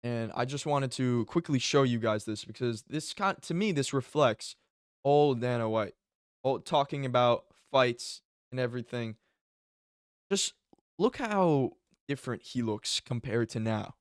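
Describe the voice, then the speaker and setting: An excitable man riffing through a fight reaction video, swearing freely and jumping into loud outbursts. His voice sits at a middle pitch and sounds dry and close, with no room around it. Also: a little slow, clean tone, dry recording. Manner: excitable, profane, exclaiming. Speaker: MMA commentary YouTuber. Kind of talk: casual reaction commentary.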